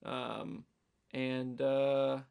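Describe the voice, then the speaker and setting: A man co-hosting a podcast, casually recapping a film in a rambling, animated way with lots of fillers. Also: mid-range voice, drawn-out words, vocal fry, clean tone. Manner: rambling, animated storytelling with many fillers and acted-out quotes. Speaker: podcast co-host.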